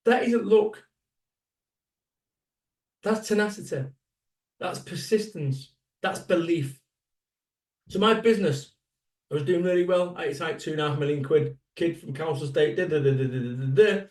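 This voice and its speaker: A fifties man delivers a motivational keynote, blunt and sweary and firing rhetorical questions at the crowd. His voice sits a little high for a man. It carries from a distance in an echoey hall. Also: normal speed, long pauses, darkish tone. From Salford, England. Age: 50s. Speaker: motivational speaker.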